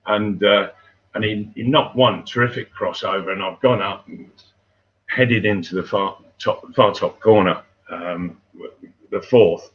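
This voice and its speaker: An older man, a former footballer, telling stories in casual chat, unhurried and halting, with many fillers and restarts. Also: on the low side. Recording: dull lo-fi sound.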